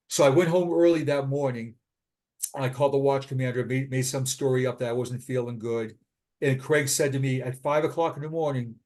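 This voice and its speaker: A middle-aged man, a retired police sergeant, telling his own story as an interview guest in an earnest, halting way, often repeating himself. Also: mid-range voice, darkish tone. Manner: earnest, halting, with frequent repetitions. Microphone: remote call.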